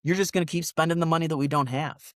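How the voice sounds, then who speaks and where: A male podcast co-host launches into a profane political rant, mocking people with sarcastic voices while sniffling through stuffed sinuses. His voice is a little high with fairly even intonation, and he speaks fast. He's on a separate remote mic, and the studio-quality audio has no room sound.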